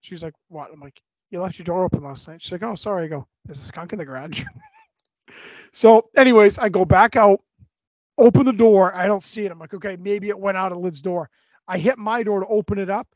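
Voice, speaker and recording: A man on a podcast telling a long story in a casual, animated way, swearing a lot. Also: sits high, a little fast, dry recording. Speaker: podcast co-host. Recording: dry, dull lo-fi recording.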